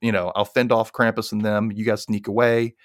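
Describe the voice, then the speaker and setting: A man's voice: on the low side, little pitch movement, brisk, no room sound, studio quality, natural voice. A man doing a weary, annoyed Santa. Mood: urgent.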